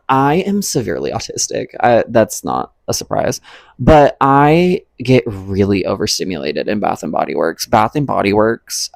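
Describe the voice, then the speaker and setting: A man's voice: lowish voice, creaky, no echo. A young adult man vlogging a casual storytime, rambling and profane, full of "like" and "um".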